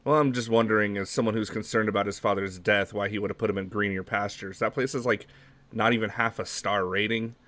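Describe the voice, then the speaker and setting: A man's voice: fairly low pitch, steady tone, a bit bright, no room sound. A man playing a sardonic private investigator in a tabletop role-play, with a joking, sarcastic manner. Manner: sarcastic, joking, quick-witted. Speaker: player.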